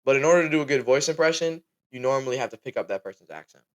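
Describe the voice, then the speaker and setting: A young man in his late teens hosting a podcast in relaxed, casual chat. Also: medium pitch, racing. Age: young adult. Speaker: podcast host.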